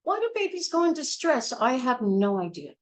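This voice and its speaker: A woman's voice: high voice, sing-song, moderate pace, rough recording. Blunt, emphatic woman teaching childbirth. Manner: blunt, emphatic and hard-hitting. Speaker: childbirth educator.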